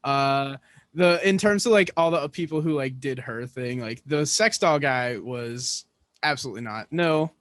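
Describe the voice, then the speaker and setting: A man's voice: medium pitch, a little slow, fairly bright tone, no echo, clean studio sound. A man in his twenties co-hosting a casual podcast chat, rambling through amused opinions. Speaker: podcast co-host.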